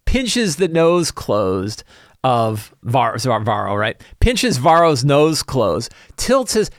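A man at mid pitch recaps his tabletop game as game master, loose and rambling, leaning on "like" and "right?". He laughs lightly through the story. The sound is dry and close, with no room echo. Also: sing-song, slow. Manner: chuckles while telling. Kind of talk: casual campaign recap.

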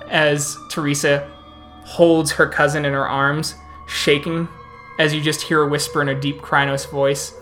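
A man's voice: fairly high pitch, little pitch movement, normal speed, pushed and bright, faint music behind. A man serving as storyteller, narrating a tabletop role-playing game in a flowing, descriptive way.

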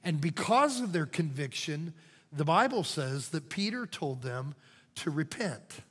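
An older man preaching a sermon as pastor, moving from loud cries to hushed whispers. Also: a little high, big pitch swings, unhurried, breathy edge. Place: church sanctuary. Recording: church hall reverb.

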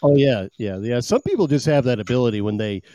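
A man hosting a podcast in casual chat, an animated storyteller who laughs often. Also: mid-range voice, quick pace, a little hiss or hum. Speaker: podcast host.

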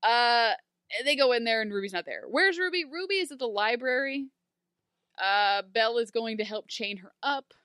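A woman's voice: on the high side, lively intonation, moderate pace, bright, forceful tone, clear, resonant tone, no echo, clean studio sound. A woman co-hosting a podcast, recapping a TV episode in casual chat and acting out characters in exaggerated voices.

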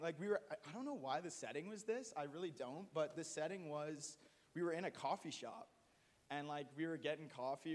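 A man giving a halting, earnest testimony at a church gathering, with many restarts. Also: on the high side. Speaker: church member sharing testimony. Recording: long hall reverb.

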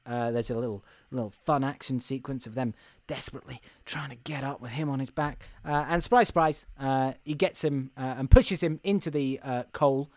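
A man's voice: mid-range voice, steady tone, moderate pace, no room sound, studio quality. A man co-hosting a podcast, recapping a film in a rambling, sweary casual chat. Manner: rambling, sweary, laughs often. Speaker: podcast co-host reviewing a film.

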